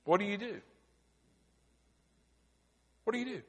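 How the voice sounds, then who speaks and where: Guy preaching a sermon, pretty high voice, long echo off the church walls, slows down then gets loud. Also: expressive. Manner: preaching with dramatic pauses, rising to emphatic cries. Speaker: pastor. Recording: long hall reverb.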